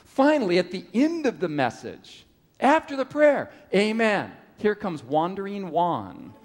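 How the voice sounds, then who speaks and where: A middle-aged male preacher with a high, very lively voice that swings up and down as he tells his story. His sermon carries a long reverb from a large meeting hall. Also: measured pace. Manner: storytelling with animated rises and drops.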